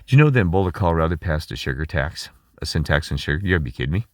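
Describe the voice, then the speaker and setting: A man's voice: extremely low pitch, big pitch swings, very fast, no room sound, clean studio sound. A middle-aged man talking in a rambling, emphatic monologue, asking listeners questions and restarting his sentences. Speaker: channel host.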